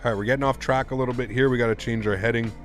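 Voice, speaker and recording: A man's voice: medium pitch, fairly even intonation, racing, soft background music. A man chatting casually on his live stream, reacting with laughter and disbelief.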